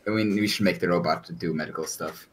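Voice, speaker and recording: Male player, very low voice, unhurried teasing delivery, audible noise bed. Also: rough recording. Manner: drawling, hesitant, teasing. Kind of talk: playing a tabletop game with friends.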